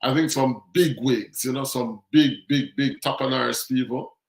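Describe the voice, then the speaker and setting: A man's voice: mid-range voice, normal speed, gravelly. Chatty Jamaican man in a roomy space. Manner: chatty, storytelling, acts out quotes. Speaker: show host. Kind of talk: casual commentary monologue. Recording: roomy echo.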